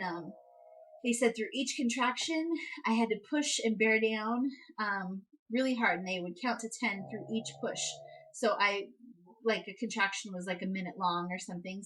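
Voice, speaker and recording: A woman's voice: normal speed, a bit bright, poor audio. A young woman vlogger casually telling a personal story, full of "like" and "um" fillers. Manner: chatty, many "like" and "um" fillers, reenacts quotes with high outbursts. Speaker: vlogger, new mother.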